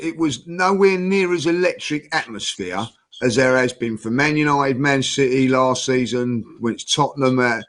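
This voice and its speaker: A man's voice: mid-range voice, fairly bright tone. A man ranting indignantly on a football fan panel, firing off rhetorical questions. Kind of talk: heated panel talk.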